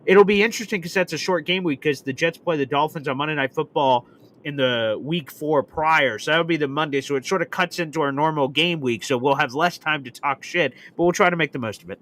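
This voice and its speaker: Bright-voiced excitable male sports host. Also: a little high, fairly quick. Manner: excitable storyteller, acts out shouting and swearing. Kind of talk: live sports reaction show.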